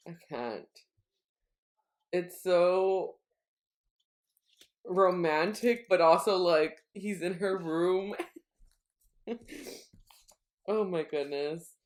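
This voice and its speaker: Female podcast co-host, lower register, chatty and animated, reads quotes with feeling. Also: extremely slow, long pauses. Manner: animated retelling, acting out quotes, frequent laughs. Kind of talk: casual book discussion.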